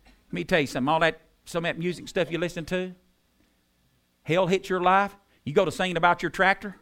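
A man preaching a sermon, repeating key phrases with emphasis and dropping into soft tones. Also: high-pitched, fairly even intonation, brisk. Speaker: pastor.

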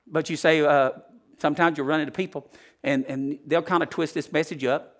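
A male preacher, giving a folksy sermon that swings from loud to hushed. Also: a little high, fast.

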